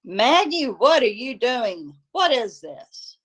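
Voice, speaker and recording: A woman's voice: fairly high pitch, very animated, slow, fairly bright tone, voice pushed up, exaggerated voice, rough recording. Nervous angry man, clipped and hissing, read by a woman doing the book's voices. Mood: tense angry.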